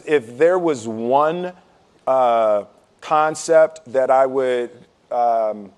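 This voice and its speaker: A man telling a story to listeners, animated and laughing, acting out the voices of the people in it. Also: medium pitch. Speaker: speaker. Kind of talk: storytelling talk.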